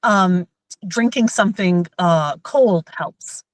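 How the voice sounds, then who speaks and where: Woman coach talking to parents, animated and chatty, dry close sound. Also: on the low side, slow, no echo, rough recording. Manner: lively, acts out everyday scenes in quoted voices. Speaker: emotional intelligence coach; mother. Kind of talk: parenting workshop talk.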